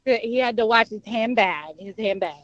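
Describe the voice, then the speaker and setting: A woman's voice: a little high, normal speed, no room sound. A woman calling in to a morning radio show, friendly and laughing as she chats. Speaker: radio caller. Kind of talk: casual phone chat. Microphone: telephone. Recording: muffled dry phone line.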